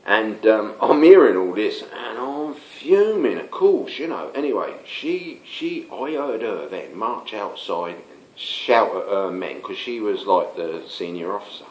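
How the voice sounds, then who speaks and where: Deep-voiced older man telling stories. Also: big pitch swings, measured pace. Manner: rambling, stop-start, many fillers. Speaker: storyteller. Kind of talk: casual spoken anecdote. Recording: roomy echo.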